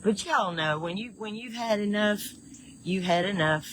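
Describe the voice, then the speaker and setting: A woman's voice: mid-range voice, moderate pace, fairly bright tone, slight background noise, rough recording. An older woman with a Southern drawl, hosting a casual livestream, chatting about her day and reading viewer comments. She rambles, restarts her sentences often and laughs easily. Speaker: livestream host. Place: home in the woods.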